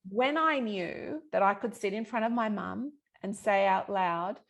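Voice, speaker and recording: A middle-aged woman talks through her own story as a podcast guest. She speaks earnestly and emphatically, at an ordinary pitch for a woman, and swears freely. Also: a little slow, gravelly. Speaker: podcast guest, yoga teacher and healer. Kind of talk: candid personal storytelling in conversation.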